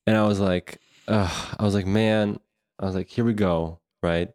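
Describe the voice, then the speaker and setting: Man with a very deep voice, dry room, meandering movie chat. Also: fairly even intonation, a little mellow, dry recording. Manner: slow, meandering storytelling. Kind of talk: casual movie review chat.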